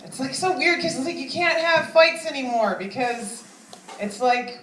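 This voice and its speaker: Woman comic, thirties, chatty and self-mocking, animated delivery, echoey club heard from afar. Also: fairly high pitch, brisk, slight background noise. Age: 30s. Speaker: stand-up comic. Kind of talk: stand-up comedy. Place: comedy club stage. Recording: echoey room, mic at a distance.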